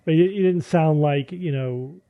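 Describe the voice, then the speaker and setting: A man hosting a casual panel chat, talking in quick bursts with many restarts. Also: on the high side, narrow, tinny audio. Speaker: host.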